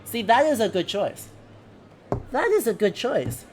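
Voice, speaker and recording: A woman's voice: on the high side, sing-song, a little slow, a little mellow, slight background noise. A woman streaming a courtroom game, chatting casually and wryly, often breaking off mid-word to comment. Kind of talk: casual game let's play with read-aloud dialogue.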